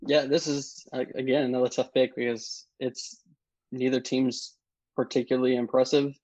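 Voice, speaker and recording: A man's voice: medium pitch, little pitch movement, darkish tone, no echo. Podcast co-host guy running through stats, sounds kinda dull and dry like a remote mic. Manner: measured, stat-heavy analysis. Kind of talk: casual sports analysis.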